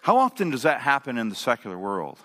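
A man's voice: medium pitch, huge pitch swings, fast talker, pushed and bright. A male pastor preaching a sermon, emphatic and asking the audience questions. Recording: long hall reverb.

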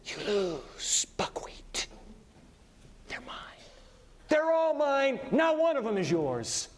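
A man's voice: very high voice, big pitch swings, measured pace, voice pushed up, exaggerated voice. A preacher voicing a sly male devil who taunts in a mocking, wheedling half-whisper. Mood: taunting. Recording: long reverb of a big hall.

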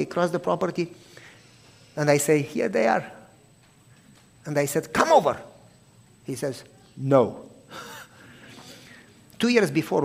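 A man preaching by telling a story, acting out each person's lines and dropping to a hush for tender moments. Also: fairly high pitch. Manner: animated storytelling, acting out both sides of the talk; drops to a hushed, soft voice for tender moments. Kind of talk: sermon storytelling.

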